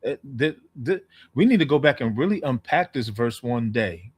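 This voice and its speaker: A man in casual scripture discussion, talking in an easygoing, halting way. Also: medium pitch, animated, darkish tone, slightly rough, dry recording. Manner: easygoing, halting, with fillers and laughs. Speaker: co-host.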